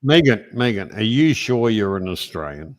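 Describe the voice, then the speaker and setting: Male host, casual chat, teasing, halting delivery with many restarts. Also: on the low side, big pitch swings.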